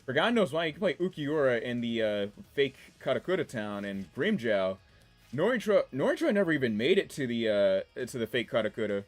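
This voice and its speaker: Brisk and very animated, this mid-range male voice belongs to a twenty-something from the DC area whose accent mixes DC and New York. He rambles, chats, and laughs a lot while reading viewer messages on a laid-back gameplay livestream, with soft music in the background.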